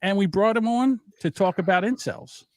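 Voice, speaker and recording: A man's voice: high-pitched, moderate pace, no room sound, studio quality. A man hosting a podcast, chatting casually and telling stories with lots of laughs. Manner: animated, laughing storyteller. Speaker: podcast host.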